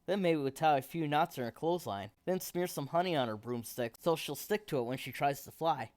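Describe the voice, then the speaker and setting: A man's voice: fairly high pitch, brisk, a little mellow, natural voice. Man reading a cocky bully cub bear, scheming, storybook read-aloud.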